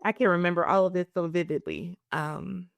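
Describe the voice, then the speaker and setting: A woman's voice: lowish voice, moderate pace, no room sound. A woman hosting a podcast, speaking in an emotional, encouraging, almost preacherly way. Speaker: podcast host. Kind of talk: heartfelt podcast conversation.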